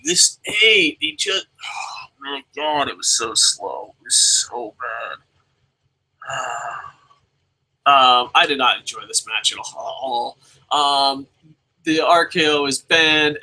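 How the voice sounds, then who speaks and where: A young man giving a casual, profane review of a wrestling show, animated and mocking. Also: medium pitch, low-quality recording. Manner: profane, animated, mocking with shouted put-on voices.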